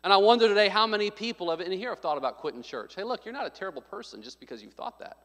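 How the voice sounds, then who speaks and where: This pastor talks rapid-fire in a high, animated, fairly bright voice, recorded with long hall reverb. His sermon is a story punctuated by jokes and acted-out quotes from the people in it.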